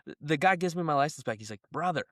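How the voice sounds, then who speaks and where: A young man co-hosting a podcast in casual chat, animated and laughing as he acts out the people he quotes. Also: fairly high pitch, racing, no room sound, studio quality. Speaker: podcast co-host.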